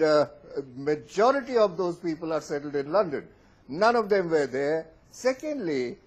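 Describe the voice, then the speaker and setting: Man, studio panelist, indignant, scornful, high voice, lively intonation. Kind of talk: heated TV panel debate.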